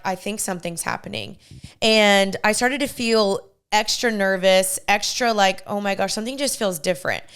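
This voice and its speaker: A young woman hosting a podcast, telling a story in a lively way and acting out what her friends said. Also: medium pitch, smooth. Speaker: podcast host. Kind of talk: casual chat.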